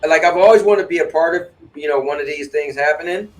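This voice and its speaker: A man co-hosting a casual gaming podcast, relaxed and joking, with a bit of playful bragging. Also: on the high side, fast talker, soft background music, rough recording. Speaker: podcast co-host.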